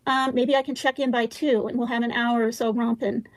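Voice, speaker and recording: A woman with a somewhat high voice hosts a casual livestream. She reads text messages aloud in a halting way, breaking off with ums and side comments. Her voice is close to the mic and dry, with no room sound. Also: level tone, no room sound. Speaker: livestream host.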